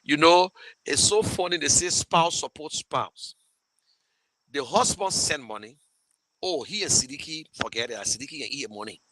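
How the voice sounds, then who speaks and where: A man's voice: fairly high pitch, animated, normal speed, pushed and bright, low-quality recording. A man with a Liberian English accent hosting a show and talking casually to viewers, emotional and rambling, with many restarts as he thanks supporters. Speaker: show host fundraising for a campaign. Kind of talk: casual live talk to viewers.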